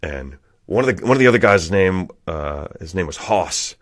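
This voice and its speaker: Low-pitched man, casual profane storyteller, podcast guest. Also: lively intonation, normal speed.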